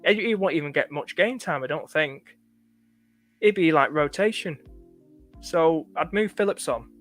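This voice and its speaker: A man's voice: on the high side, expressive, a little slow, fairly bright tone, faint music behind. A man from the north of England with a light northern accent, chatting casually on a live stream, stopping often to thank viewers. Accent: northern English, light. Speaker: livestream host.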